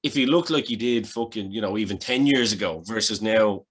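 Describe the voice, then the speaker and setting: A man's voice: fairly low pitch, fairly quick. A man chatting as a podcast guest, swearing a lot and restarting his sentences. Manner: sweary, animated, restarts often. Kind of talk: casual chat, recasting a film.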